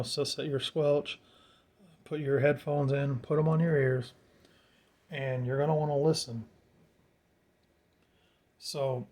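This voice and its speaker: In what sounds like a home workshop, a radio hobbyist explains his setup in a loose, rambling how-to, stumbling over repeated words and filling gaps with "you know." His dark, mellow voice sits at an ordinary middle pitch.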